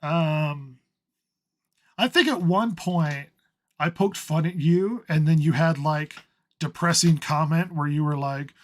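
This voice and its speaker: A man's voice: a little high, a little slow. A man co-hosting a gaming podcast in casual chat, joking at his own expense and laughing often. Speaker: podcast co-host. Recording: online call audio.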